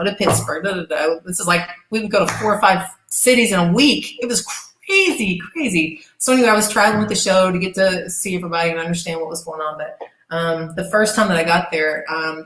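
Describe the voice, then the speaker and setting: A woman's voice: lowish voice, a bit bright, roomy sound, slight background noise, poor audio. A middle-aged woman, a former gladiator guest, telling a casual and profane story in an interview.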